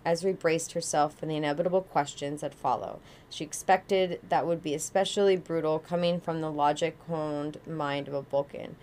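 Low voiced woman reading a book out loud on stream, trips over words and fixes them. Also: moderate pace, hardly any pauses. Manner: stumbles and corrects herself. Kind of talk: reading a novel aloud.

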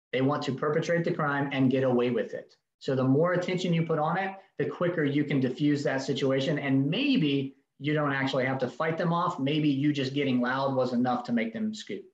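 A man teaching a safety seminar in a direct, emphatic way, acting out short exchanges. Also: medium pitch. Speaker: safety instructor. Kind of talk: recorded training seminar. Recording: dull roomy recording.

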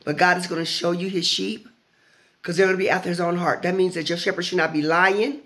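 A woman evangelist preaching fervently to an online audience, repeating phrases and shouting at the peaks. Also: on the low side, fairly even intonation, fairly quick.

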